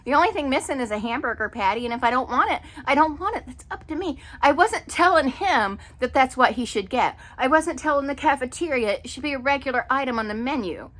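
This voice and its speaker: A middle-aged woman telling a story in an exasperated, animated casual rant with many fillers. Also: high-pitched, brisk, hardly any pauses. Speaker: vlogger. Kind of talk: casual ranting monologue.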